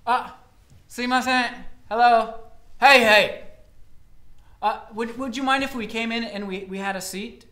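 A man's voice: very high-pitched, fairly even intonation, unhurried, pauses often, bright, forceful tone, exaggerated voice. A man playing a naive, hungry traveler who stammers and fumbles his words, told live on a college stage in a roomy hall. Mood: fumbling. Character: naive hungry male traveler, clumsy and literal. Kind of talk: live comic storytelling.

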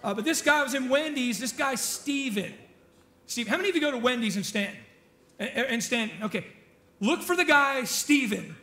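A man's voice: extremely high pitch, lively intonation, normal speed, pushed and bright. A male pastor giving a casual sermon, chatty and joking, often asking the congregation questions.

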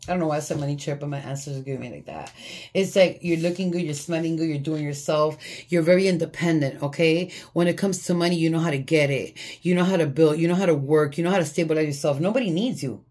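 A woman gives a casual tarot reading, blunt and foul-mouthed, often bursting into laughter. Her low-pitched voice is fast with a darkish tone, over faint background noise.

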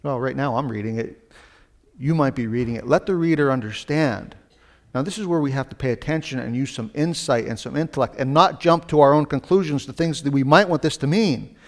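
A man's voice: mid-range voice, brisk. A man pastor preaching a sermon in a conversational way, with casual asides and rising emphasis on his key points.

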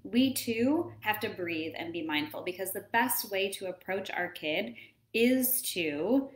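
A woman in her thirties talks through parenting advice in a relaxed, chatty way. Her pitch is mid-range, and she acts out little moments as she goes. The room around her gives the voice a clear echo. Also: a little slow. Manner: chatty, animated, acts out scenes. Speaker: wellness coach. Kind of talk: casual advice talk.

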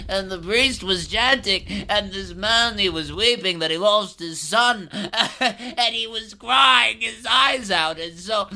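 A man's voice: sits high, slow pace, creaky, pushed and bright, heavily acted. An actor playing the wizard Merlin in a full cast audio drama, laughing helplessly and gasping through his words. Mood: manic laughter. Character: wizard Merlin, a man gripped by manic laughter at grim secrets.

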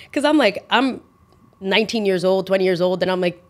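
A woman's voice: mid-range voice, brisk. Chatty young woman telling a story. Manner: animated, filler-heavy with lots of "like". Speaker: podcast host. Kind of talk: casual storytime.

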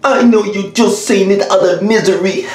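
A woman's voice: medium pitch, moderate pace, darkish tone, faint music behind, lightly acted. A woman voicing a jilted video game as a clingy female lover, pleading and melodramatic, in a comedy voiceover skit. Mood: desperate. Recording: very echoey room.

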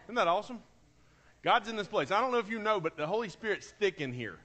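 A high-voiced man preaches to his church congregation. He talks with excitement and emotion, saying key phrases twice over for emphasis. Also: quick pace. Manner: enthusiastic, emotional, repeats phrases. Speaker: pastor. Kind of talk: sermon. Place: church sanctuary.

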